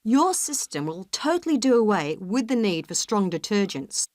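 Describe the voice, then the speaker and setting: A woman's voice: mid-range voice, big pitch swings, moderate pace, a little mellow, no echo, clean studio sound, lightly acted. A woman playing a professor in a scripted exam listening recording, asking a student questions in an encouraging, curious way. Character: female professor advising a student.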